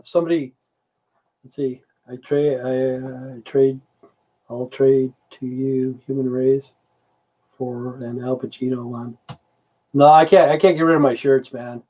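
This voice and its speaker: Middle-aged guy rambling on his livestream, cussing, keeps losing his thread, plain mid pitch voice. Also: warm tone. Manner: rambling and profane, answers chat, loses his train of thought. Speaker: livestreamer chatting with viewers. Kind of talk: casual live-stream chat.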